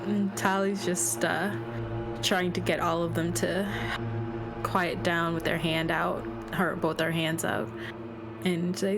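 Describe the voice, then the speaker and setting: A woman's voice: fairly low pitch, flat delivery, takes it slowly, over music. A woman player speaking in character in a tabletop game, hesitant and questioning. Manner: hesitant, with restarts and confused questions.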